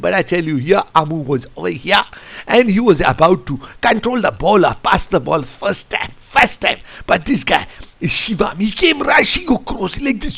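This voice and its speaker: A man coaching football, reviewing a match over a tactics board in an animated, rambling way. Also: high-pitched, gravelly. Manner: animated, rambling, keeps saying "I tell you". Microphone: computer mic. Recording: lo-fi screen recording.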